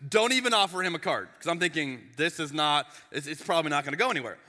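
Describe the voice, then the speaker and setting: Bright, high-voiced pastor in a reverberant hall. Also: male voice, fast talker. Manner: animated, chatty, with frequent restarts and asides. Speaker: lead pastor. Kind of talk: conversational sermon storytelling. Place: church sanctuary. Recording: long reverb of a large hall.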